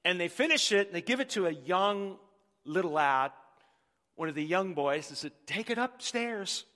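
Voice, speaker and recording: A man's voice: sits high, moderate pace, bright, forceful tone. A male pastor preaching a sermon with emphatic delivery, often repeating words as he drives his points home. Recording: long reverb in a large hall.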